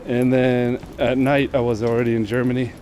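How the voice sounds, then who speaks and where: A man's voice: medium pitch, level tone, moderate pace, mellow, a little hiss or hum. Man rambling aloud on a walk. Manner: rambling, musing aloud, swears freely. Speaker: vlogger on a long walk. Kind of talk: casual walking vlog monologue. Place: outdoors on town streets while walking.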